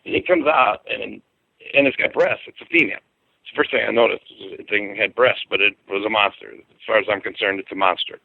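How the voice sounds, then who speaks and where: A man telling a frightening personal story in a halting, casual way, often repeating words and restarting sentences. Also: creaky, dry recording. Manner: halting, repeats words and restarts, pitch jumps when excited. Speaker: guest telling an encounter story. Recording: dry phone-line audio.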